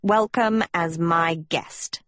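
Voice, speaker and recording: A woman voicing a proud, guarded teenage villain girl in an audiobook, with a low, quiet, measured delivery. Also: no echo. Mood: tearful. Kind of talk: audiobook character voice.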